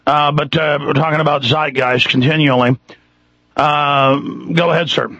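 A male talk radio host with a husky, slightly raised voice who rants at callers in a combative, loudmouthed way. The sound is dry and dull, like a studio broadcast. Faint music sits underneath. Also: on the high side, steady tone, no room sound. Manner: aggressive, loud, fast-talking rants.

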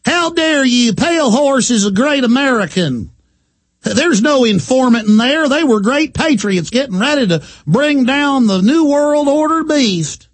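A man's voice: extremely high pitch, lively intonation, measured pace, dry recording, pitched above the performer's own voice, exaggerated voice. A man doing a whiny, sneering mock critic.

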